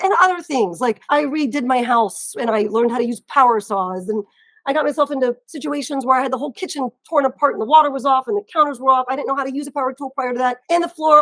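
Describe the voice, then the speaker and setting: A woman's voice: high voice, a bit bright, no room sound. A woman guest in an interview, speaking earnestly and from the heart about hard times. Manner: heartfelt, tearful at moments, earnest. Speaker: guest, online seller. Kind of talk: emotional interview talk.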